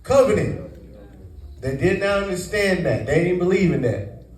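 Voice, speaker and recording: A man's voice: high-pitched, animated, normal speed, darkish tone. A man teaching scripture to a congregation, quizzing them to fill in the words. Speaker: Bible teacher. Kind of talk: call-and-response sermon teaching. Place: congregation meeting room. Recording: echoey room, mic far off.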